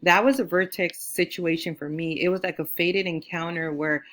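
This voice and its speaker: Female astrologer from California, lowish voice; rambling casual storyteller who acts out quotes. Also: fairly even intonation, moderate pace, a bit bright. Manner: chatty, with many fillers like "you know"; acts out quoted lines in a higher voice.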